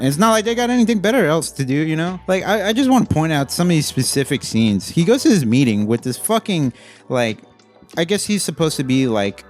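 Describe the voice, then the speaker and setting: Profane rambling man reviewing a movie. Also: mid-range voice.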